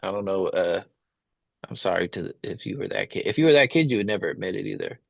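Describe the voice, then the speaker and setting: A man hosts a podcast in relaxed, casual chat and laughs easily. His low voice has a gravelly edge. He sounds close and dry on the mic. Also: fast talker, dry recording, low-quality recording. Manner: laid-back, laughs often, says "dude". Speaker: podcast host.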